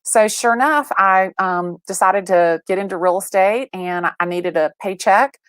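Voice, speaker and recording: A middle-aged woman from Atlanta, a real estate agent telling animated stories about her career in a casual interview. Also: medium pitch, moderate pace, clear, resonant tone, no room sound. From Atlanta, Georgia. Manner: bubbly, animated storyteller acting out dialogue. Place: video call from her home or office.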